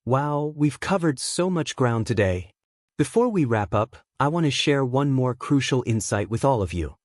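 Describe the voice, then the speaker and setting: A man co-hosting a language-learning podcast, giving clear, measured scripted explanations. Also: mid-range voice, lively intonation, dry recording, studio quality. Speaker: podcast co-host. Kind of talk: scripted teaching talk.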